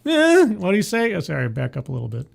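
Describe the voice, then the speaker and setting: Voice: mid-range voice, fast, gravelly. Sarcastic streamer ranting at a clip, voice swoops up and down a lot. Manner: sarcastic, exasperated, animated. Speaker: streamer reacting to a video. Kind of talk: live stream commentary.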